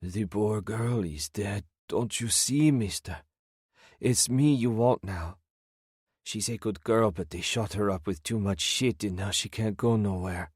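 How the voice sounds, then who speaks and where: A man's voice: fairly low pitch, a little slow, slightly rough, no echo, clean studio sound. A man voicing a desperate gray-bearded old male prisoner who begs to be taken along. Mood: eerie. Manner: shifts from eerie resignation to frantic begging.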